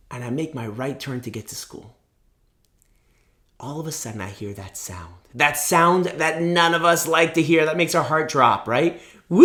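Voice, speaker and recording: A man who is a rabbi, telling a story in an animated, storytelling talk and breaking into excited shouts. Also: fairly high pitch.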